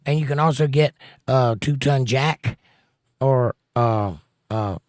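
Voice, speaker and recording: A man hosts a relaxed livestream from a home setup, greeting viewers and reading their comments aloud. His voice sits in a middle register and he slips in puns and wisecracks. The sound is close and dry with no room around it. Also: mid-range voice, no room sound. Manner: jokey, chatty, quick to pun. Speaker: livestream host.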